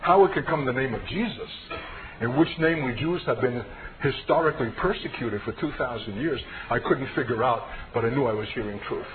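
A man's voice: mid-range voice, a little fast. A man from the United States giving an impassioned, emphatic personal testimony sermon. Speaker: preacher giving his testimony. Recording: tinny, noisy radio broadcast.

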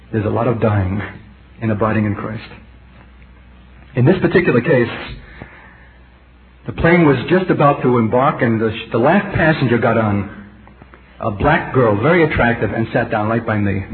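Intense middle-aged male preacher, tinny recording. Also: medium pitch. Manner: intense, emphatic, swings between loud and hushed; rhetorical questions to the congregation. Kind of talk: sermon. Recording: tinny lo-fi tape with faint hiss.

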